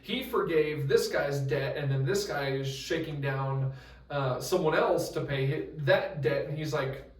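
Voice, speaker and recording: A man's voice: fairly high pitch, a little slow, recorded from a distance. Chatty young man, echoey and off-mic. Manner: chatty, loose, many fillers and restarts. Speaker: youth group leader. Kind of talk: casual Bible study talk.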